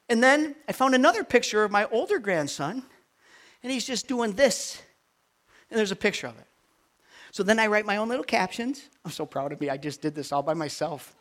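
An older man preaching, his fairly high voice swinging from soft, rambling asides up to loud, emphatic peaks. He speaks as a pastor delivering a sermon. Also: a little fast. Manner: animated, rising to near shouting at peaks, rambling asides.

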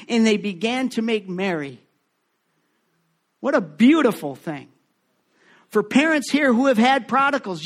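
A high-pitched man preaching a sermon to his church. His delivery swings between loud, rousing calls and hushed, tender stretches. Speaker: pastor. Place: church sanctuary.

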